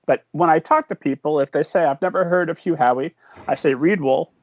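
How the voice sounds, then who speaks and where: A man hosts an interview with an enthusiastic, joking, fan-like manner. His voice is fairly high and sounds dry and close. The audio is dull, like a video call. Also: fairly quick, no room sound. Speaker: podcast host.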